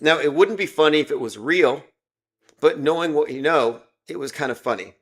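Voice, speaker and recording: A man's voice: on the high side, moderate pace, fairly bright tone. A man hosting a livestream, talking in a rambling, sarcastic way and reading viewer comments aloud between his points. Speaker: livestream host.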